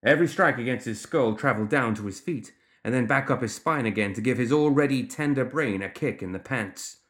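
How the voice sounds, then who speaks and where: An audiobook narrator reading a story with expressive delivery. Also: mid-range voice, brisk. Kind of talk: scripted narration.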